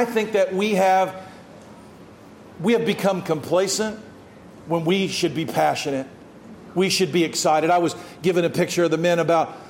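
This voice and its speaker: A male pastor preaching an impassioned sermon, shouting at peaks and dropping to quiet asides. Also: sits high, roomy sound, a little hiss or hum.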